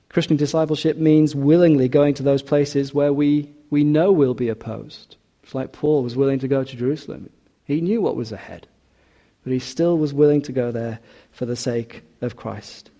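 Male preacher, sermon; mellow tone, emphatic, slows for weight. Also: medium pitch. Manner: earnest, emphatic, slows and drops on key words.

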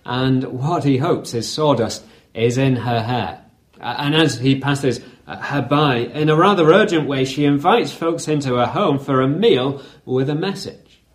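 Male preacher, casual storytelling sermon, uh fillers. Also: mid-range voice.

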